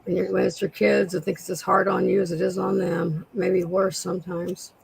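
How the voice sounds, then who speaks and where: A woman with a raspy voice, a guest seller chatting casually on a live sale and describing jewelry pieces. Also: lowish voice, little pitch movement, normal speed, rough recording.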